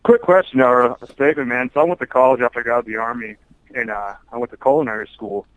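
Fast, rambling male veteran caller. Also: medium pitch, no echo, phone-quality sound. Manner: rambling, aggrieved storytelling. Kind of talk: call-in to a radio show.

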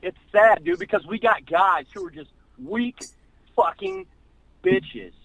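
A man's voice: high-pitched, wildly swooping pitch, measured pace, no room sound, narrow, tinny audio. A man in a podcast co-hosting chat, telling a boastful story and ranting in a brash, profane, macho way. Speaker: podcast co-host. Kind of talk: boastful comic rant.

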